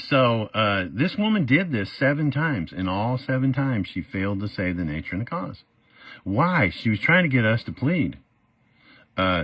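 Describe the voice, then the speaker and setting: A man's voice: sits low, expressive, normal speed, bright, forceful tone, no echo. A middle-aged man telling his own story in a casual, rambling way, full of fillers and acted-out quotes. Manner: rambling, many "uh" fillers, acts out quoted voices.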